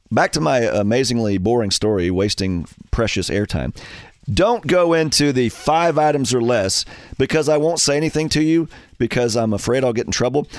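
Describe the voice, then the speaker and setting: A man's voice: mid-range voice, no echo. A man hosting a radio show in a studio, telling stories in a casual chat and acting out voices. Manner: animated storyteller, acts out voices. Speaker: radio host.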